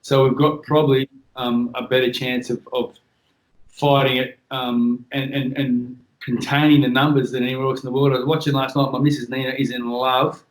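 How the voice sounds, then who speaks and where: A man's voice: mid-range voice, level tone, normal speed, echoey room, poor audio. A man from Western Australia with an Australian accent, chatting casually on a podcast as a guest, blunt and swearing freely. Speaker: guest, former world boxing champion.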